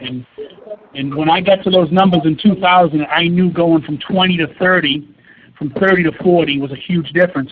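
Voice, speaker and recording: A man who sells cars talks bluntly about money as an interview guest, often repeating words. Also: fairly high pitch. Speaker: car salesman guest. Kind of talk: casual interview on a webinar. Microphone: phone call. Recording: tinny phone line with faint hiss.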